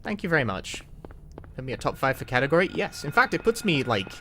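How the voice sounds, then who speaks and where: A man's voice: medium pitch, big pitch swings, quick pace, a bit bright, slight background noise. A man with a London accent chatting casually while playing a game on a live stream, rambling, wry and swearing now and then. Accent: London English. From London, England. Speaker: speedrunner streamer.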